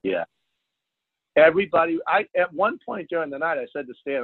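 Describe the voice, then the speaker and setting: Husky man telling a story over the phone. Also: mid-range voice, brisk, no room sound. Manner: animated, jumps to loud exclaims when retelling. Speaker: fishing charter captain, guest. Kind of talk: casual storytelling interview. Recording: dry tinny phone line.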